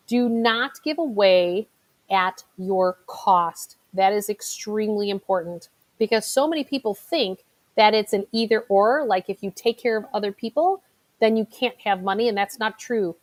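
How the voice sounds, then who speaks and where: A woman's voice: medium pitch, no room sound. A middle-aged woman from Chicago who works as a financial advisor, giving a motivational talk in a chatty storytelling way with fillers and asides. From Chicago, United States. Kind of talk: motivational talk with personal stories.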